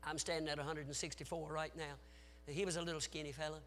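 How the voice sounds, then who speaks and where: Preaching to his congregation, this man talks fast in a fairly high, level voice. He tells his stories with intense emotion, moving from shouted urging to near whispers and tossing in folksy asides.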